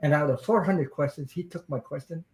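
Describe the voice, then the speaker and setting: A man hosts a casual live video-call chat in a fairly high voice. He speaks with feeling and circles back over his own words as he tells a story. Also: fairly quick, a little mellow, low-quality recording. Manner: emotional, repeats himself while telling a story. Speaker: live-stream host.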